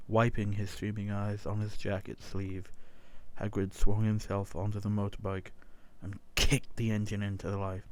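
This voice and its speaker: Slow, soft-spoken man reading a story. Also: lowish voice. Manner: soft, partly whispered. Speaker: reader.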